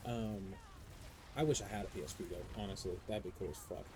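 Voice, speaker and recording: A young adult man streaming a game, chatting casually and ranting in profane, animated stories. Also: on the low side, a little fast, background noise. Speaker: live streamer. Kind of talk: casual chat while gaming.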